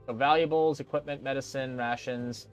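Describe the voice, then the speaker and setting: A man's voice: medium pitch, fairly even intonation, normal speed, soft background music. Casual, sarcastic let's play guy. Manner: casual, sarcastic, swears freely. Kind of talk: casual gameplay commentary.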